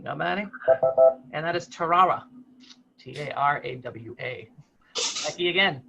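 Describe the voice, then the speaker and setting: A man hosting a trivia quiz over a video call, reading clues in a brisk, matter-of-fact way. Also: on the high side, creaky, pushed and bright, a little hiss or hum. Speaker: quiz host. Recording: slightly muffled video call audio.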